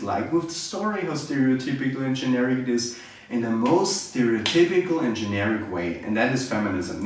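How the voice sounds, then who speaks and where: A man reviewing a film in a casual, sarcastic, exasperated rant. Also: mid-range voice. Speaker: movie reviewer. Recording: very echoey room, distant mic.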